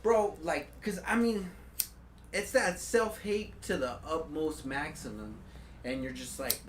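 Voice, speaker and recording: A young man in a casual conversation as the guest, talking in a relaxed, slangy way and often chiming in to agree. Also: fairly high pitch, unhurried, music in the background.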